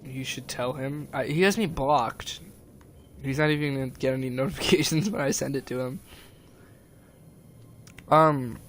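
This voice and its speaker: A man's voice: mid-range voice, normal speed, pauses often, fairly bright tone, slight background noise. A young man streaming, rambling and agitated as he retells a falling-out, with lots of fillers and restarts. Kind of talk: casual stream chat, retelling a conversation.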